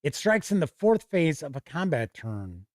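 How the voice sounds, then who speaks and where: A man's voice: a little high, very animated, normal speed, dry recording, studio quality. A man hosting a tabletop game show, chatting casually and reading lists aloud from a rulebook with small asides and self-corrections. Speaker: show host reviewing tabletop RPG books.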